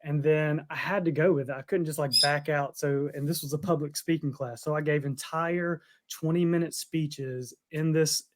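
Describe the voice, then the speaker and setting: A man's voice: fairly high pitch, fairly even intonation, normal speed, hardly any pauses. A man co-hosting a podcast, telling a long story with frequent laughs. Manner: rambling storyteller, laughs often. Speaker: podcast co-host. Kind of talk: casual chat.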